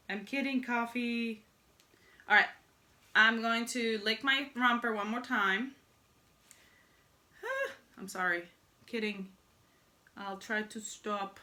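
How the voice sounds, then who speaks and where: Bright-voiced chatty woman teaching sewing. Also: a little high, takes it slowly, pauses often. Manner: chatty, jokey asides to viewers while working. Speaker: sewing pattern instructor. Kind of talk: casual sewing tutorial.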